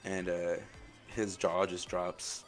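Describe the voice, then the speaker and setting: Guy with a really low voice, rambly and earnest, um and like everywhere, faint music behind. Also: flat delivery. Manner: halting, full of "like" and "um" fillers; earnest, openly emotional. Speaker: podcast host. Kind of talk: personal storytelling.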